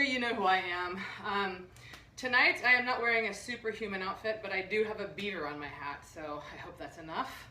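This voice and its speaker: A woman's voice: mid-range voice, a little fast, sharp tone, echoey room, far from the mic, a little hiss or hum. A woman nutritionist hosting a live online health workshop, bubbly, jokey and full of energy. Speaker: nutritionist host. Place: room under bright lights.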